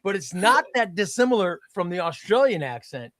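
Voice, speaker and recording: A man talking comics with a friend. He sounds eager and emphatic, and his voice is a little higher than most men's. The recording is dry and close, with no room sound. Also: big pitch swings, moderate pace, fairly bright tone, dry recording. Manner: eager, emphatic, asks many questions. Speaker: comics discussion panelist. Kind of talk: casual chat.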